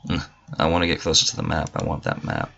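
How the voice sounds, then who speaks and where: A man with a very deep, gravelly voice that still comes through bright, chatting through a gameplay video. He swears freely and throws in mock-indignant asides. The recording is dull and lo-fi. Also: monotone, quick pace, a little hiss or hum. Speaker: gamer. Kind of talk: casual let's-play commentary.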